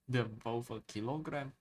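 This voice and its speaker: Slow, laid-back male streamer. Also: medium pitch, slight background noise. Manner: laid-back, chuckles often, repeats words when starting. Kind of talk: casual chat while drawing on stream.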